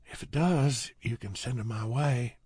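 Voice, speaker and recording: Male narrator doing a quick-witted, self-mocking young woman, teasing, in an audiobook. Raised pitch, husky. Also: a little mellow, dry recording, studio quality. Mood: wry. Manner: teasing, needling questions.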